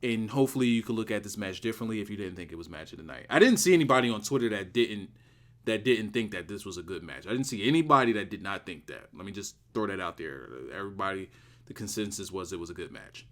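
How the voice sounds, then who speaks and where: A man giving a casual solo video review of a wrestling show, excitable and rambling, repeating words for emphasis. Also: lowish voice, quick pace.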